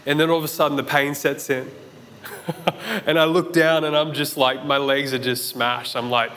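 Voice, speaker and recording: Australian pastor preaching in a reverberant church. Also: male voice, on the high side, moderate pace, a little hiss or hum. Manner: animated storytelling, acts out his own shouts and thoughts. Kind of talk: sermon with personal story. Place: church auditorium. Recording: long church hall reverb.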